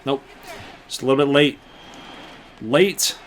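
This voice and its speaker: A man's voice: mid-range voice, slow pace, slight background noise. Chatty man calling his own game. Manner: chatty play-by-play, talking to viewers while playing. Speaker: gaming channel host. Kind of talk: casual gameplay commentary.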